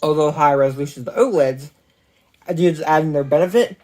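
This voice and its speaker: A tech reviewer giving a casual product review, recorded on a phone, talking in a rambling, halting way with many restarts and self-corrections. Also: mid-range voice, mellow. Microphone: phone mic.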